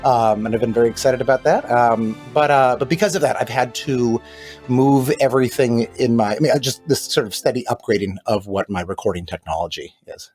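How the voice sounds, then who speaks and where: A man's voice: medium pitch, fairly quick, darkish tone, soft background music. A man who founded a science teaching company, talking as a guest in rambling, hesitant casual chat. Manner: rambling, hesitant, many fillers and restarts.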